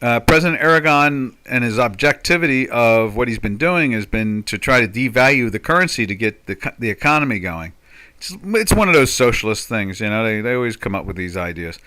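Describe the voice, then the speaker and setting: A man's voice: mid-range voice, sharp tone, clear, resonant tone. A man in his sixties giving rambling, folksy live trading commentary with sarcastic asides from a home trading desk. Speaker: market commentator.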